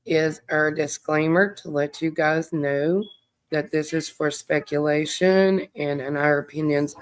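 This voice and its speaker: A woman's voice: deep voice, a bit bright, clear, resonant tone. A tired woman, hosting a true crime livestream in a rambling, chatty way and greeting viewers by name. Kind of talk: casual livestream chat.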